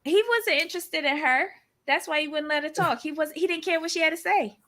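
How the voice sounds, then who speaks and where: A woman with a fairly high, bright and sharp voice trades casual remarks in a reality-show recap. Her asides land dry and sassy, and she backs up her co-host with steady agreement. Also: a little fast. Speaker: podcast co-host.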